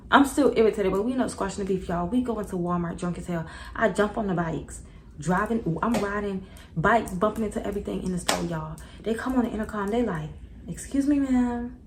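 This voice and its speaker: Young woman vlogger, casual storytime, animated and slangy, gravelly fry. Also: medium pitch, slight background noise, rough recording. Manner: animated, slangy, talks straight to viewers.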